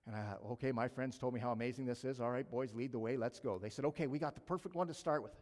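A man preaching a sermon, telling a personal story with animated delivery and acting out his own panic. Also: mid-range voice, quick pace. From Canada. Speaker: pastor. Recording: long hall reverb.

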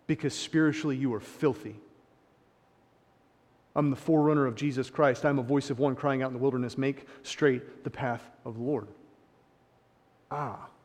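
A man preaching a sermon, impassioned, swinging between hushed reflection and emphatic points, with sarcastic asides. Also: medium pitch. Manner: sarcastic paraphrasing of opponents. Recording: long hall reverb.

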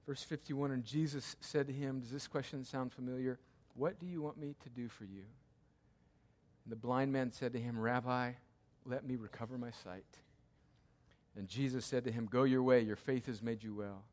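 A male pastor preaching in a church, his voice trailing off into a long hall reverb. He presses his points by repeating them, rising to loud cries and then sinking to near-hushed tones. His pitch sits in an ordinary middle range for a man. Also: fairly even intonation, normal speed. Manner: emphatic, repeats key lines, swings between loud cries and hushed tones. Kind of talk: sermon.

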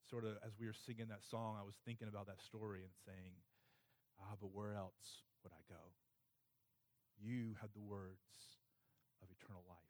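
Male pastor, casual Sunday sermon, weary and emotional, halting delivery. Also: mid-range voice, long reverb tail. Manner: halting, filler-heavy, emotional. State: tired, close to tears. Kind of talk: conversational sermon. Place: church sanctuary.

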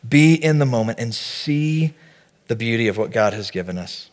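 A man's voice: medium pitch, expressive, normal speed. A middle-aged male pastor giving a conversational sermon that builds to fervent emphasis. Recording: long hall reverb.

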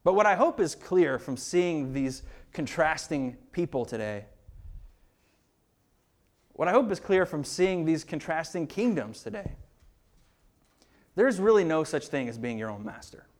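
A man's voice: a little high, lively intonation, a little slow, pauses often. A male pastor preaching a sermon in an earnest, emphatic way, often repeating words as he builds a point.

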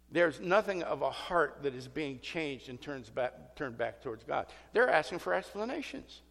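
Bright-voiced preacher in a reverberant hall. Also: male voice, a little high, creaky. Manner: animated, rising to emphatic peaks, with self-deprecating asides. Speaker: pastor. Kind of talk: sermon.

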